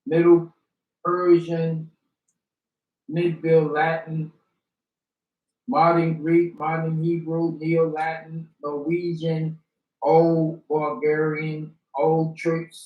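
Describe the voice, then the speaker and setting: A man reading a long list of dictionary terms one by one, slow and deliberate. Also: fairly high pitch, completely flat delivery, phone-quality sound. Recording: roomy sound from a distance.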